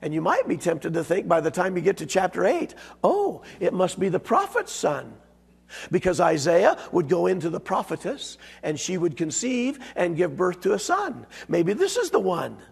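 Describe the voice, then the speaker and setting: A hoarse man preaches with a raspy, gravelly edge to his fairly high voice. His delivery is folksy and emphatic, and he hits his key words hard. The sound rings with the long reverb of a church sanctuary. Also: wildly swooping pitch, moderate pace. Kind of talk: sermon.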